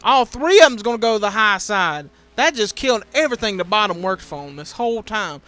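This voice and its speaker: High, bright young man calling a race. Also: animated, a little fast. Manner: shouts and speeds up at crashes. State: voice giving out. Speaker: race commentator. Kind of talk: excited play-by-play commentary for a sim racing league.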